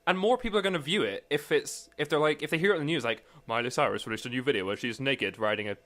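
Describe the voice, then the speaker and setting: A man's voice: mid-range voice, quick pace, a bit bright. A man co-hosting a casual comedy podcast, throwing in wry quips and rambling through his points. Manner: wry interjections, rambling restarts. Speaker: podcast co-host.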